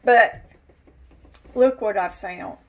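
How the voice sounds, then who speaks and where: A woman's voice: medium pitch, slow. A woman, chatting casually in a giggly, folksy way while filming a home vlog indoors. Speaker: vlogger.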